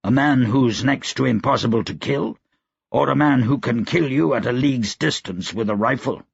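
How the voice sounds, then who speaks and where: A man's voice: mid-range voice, moderate pace, gravelly, husky, no echo, voice pushed up. A man voicing a wry, philosophical male officer with a dry amused manner, in an audiobook. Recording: dry, slightly dull recording.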